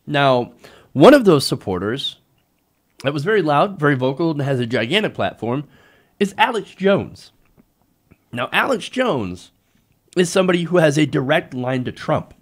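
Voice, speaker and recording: A man's voice: fairly high pitch, big pitch swings, normal speed, pauses often. Opinionated young male political commentator. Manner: conversational, opinionated, hesitant.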